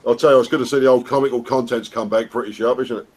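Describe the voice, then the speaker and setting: A man's voice: medium pitch, fairly even intonation, fast, darkish tone, a little hiss or hum. An English man hosting a casual live stream, rambling and chummy, with the odd swear. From United Kingdom. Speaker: host.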